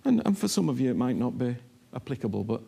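A man preaching a sermon who speaks emphatically, repeats his words, acts out what people and God might say, and drops low and soft when he prays. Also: very animated, quick pace, vocal fry, husky. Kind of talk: sermon with prayer.

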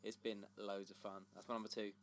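A man's voice: fairly low pitch, little pitch movement, a little fast, vocal fry. A man in his thirties, co-hosting a casual chat in an upbeat, playful way. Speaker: podcast co-host.

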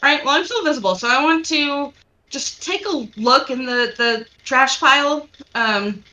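A woman's voice: high voice, normal speed, pushed and bright. A woman playing a tabletop game, chatty and a bit unsure, swearing casually. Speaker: player.

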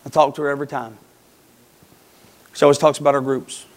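A man's voice: medium pitch, level tone, brisk. A man preaching a sermon, emphatic, repeating phrases and addressing the congregation directly.

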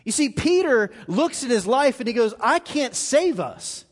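A man's voice: extremely high pitch, very animated, a little slow. A man preaching a live sermon as pastor, telling a story and acting out the quoted lines with rising intensity. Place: church auditorium. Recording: live in a reverberant hall.

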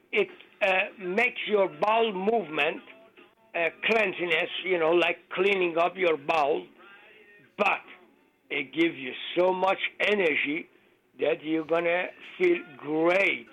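A man calling in to a radio show, telling a joke haltingly with many fillers and non-native grammar. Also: sits high, bright, forceful tone, rough recording. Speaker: caller.

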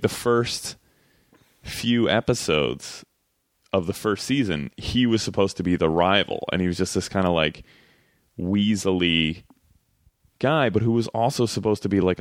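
A man guesting on a podcast in casual chat, relaxed and wry, often trailing off and restarting. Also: low voice, moderate pace, dry recording, clean studio sound. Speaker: comedy writer guest.

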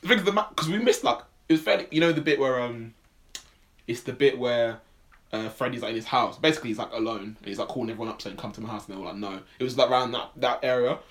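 A man chats casually on a podcast at a middle pitch. He rambles through his stories and fills them with "like," backing up and restarting as he goes. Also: quick pace. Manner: rambling, filler-heavy storytelling with lots of "like". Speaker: podcast co-host. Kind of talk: casual chat.

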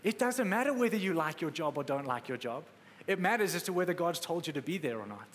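Emphatic preacher in an echoey hall. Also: male voice, on the high side, big pitch swings, fast talker, slight background noise. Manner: emphatic, conversational preaching with acted-out quotes. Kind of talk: sermon. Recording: echoey hall with faint ambience.

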